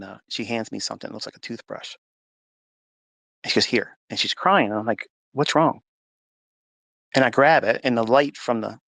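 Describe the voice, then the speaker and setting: With a mid-range, slightly bright voice and vocal fry, a man tells an emotional personal testimony of faith in a dry recording. He's at home, speaking into a phone for a live audio chat, earnest and emphatic as he acts out the dialogue.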